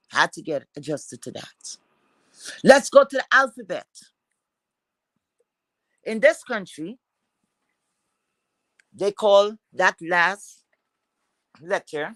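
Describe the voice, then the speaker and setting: A woman's voice: mid-range voice, expressive, slow, pauses often, fairly bright tone, dry recording, rough recording. A woman with a Caribbean accent ranting to her viewers in a scornful, profane way, repeating words for emphasis. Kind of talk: angry rant to viewers.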